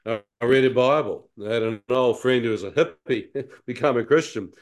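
A man in his sixties with a New Zealand accent tells his testimony at a middling pitch. He speaks emphatically and stumbles into quick restarts as he goes. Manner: emphatic storyteller with frequent stammered restarts. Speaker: guest. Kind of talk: personal testimony in an interview.

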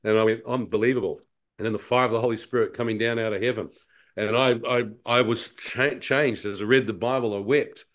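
A man's voice: mid-range voice, fairly even intonation, brisk, a bit bright. New Zealand man telling his testimony. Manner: emphatic storyteller with frequent stammered restarts. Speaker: guest. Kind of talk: personal testimony in an interview.

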